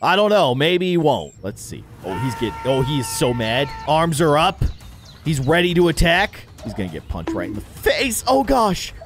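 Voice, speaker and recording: An excitable man narrates a video game as he plays, jumping between low mutters and loud, high yelps. He jokes at the screen with a lively, bouncing voice, and faint music plays behind him. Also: moderate pace. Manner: excitable, jokey, yelps and laughs at the action. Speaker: gaming YouTuber. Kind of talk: game commentary.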